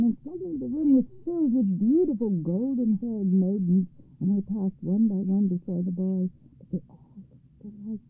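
A woman hosting a radio storytelling program, narrating a fairy tale in a calm, measured way from a studio. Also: medium pitch, husky. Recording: slightly muffled radio broadcast.

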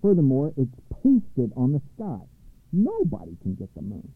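A man's voice: medium pitch, wildly swooping pitch, unhurried, vocal fry, slightly rough, no room sound, voice pushed up, exaggerated voice. Man doing a fussy pompous royal math guy, long-winded, tinny sound. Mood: lecturing. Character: fussy nearsighted royal mathematician, self-important. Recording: tinny phone-like line, dry.

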